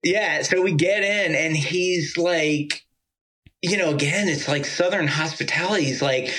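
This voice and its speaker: A man from Georgia, a musician guest, telling a rambling, animated story full of "like" and casual swearing. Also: on the high side, moderate pace, rough recording.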